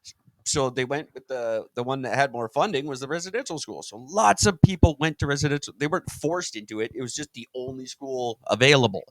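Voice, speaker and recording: A man's voice: mid-range voice, animated, a little fast, a bit bright, no echo, rough recording. A man hosting a casual podcast chat, rambling and jokey.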